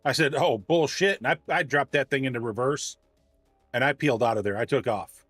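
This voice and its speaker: A man casually telling a long story on a livestream, ranting and animated, often restarting his sentences. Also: mid-range voice, fairly quick, husky, no room sound, soft background music.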